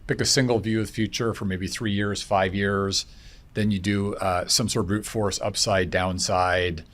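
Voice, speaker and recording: Man, low voice, panel discussion, animated, emphatic. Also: moderate pace.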